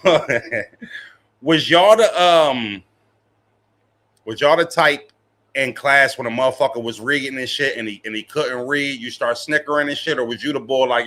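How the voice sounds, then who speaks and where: Slangy, bright-voiced male streamer. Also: mid-range voice, normal speed. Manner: slangy, profane, laughs often, talks to chat. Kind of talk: casual live-stream commentary.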